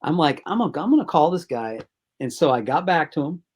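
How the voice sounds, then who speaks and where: A man's voice: a little high, very animated, brisk. A film director as an interview guest, telling rambling casual anecdotes and acting out his own quoted thoughts.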